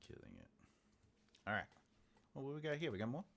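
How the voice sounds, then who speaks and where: A man's voice: medium pitch, huge pitch swings, brisk, vocal fry, a bit bright. Man chatting casually while outlining a book. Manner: mutters notes to himself, chats with viewers, jokes. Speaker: author livestreaming his writing process.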